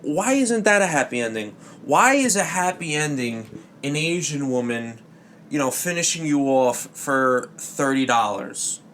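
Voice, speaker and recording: Slow, rambling comedy podcast guy. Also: fairly high pitch, lively intonation, fairly bright tone, a little hiss or hum. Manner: halting, full of fillers and restarts, jokey asides. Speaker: podcast host.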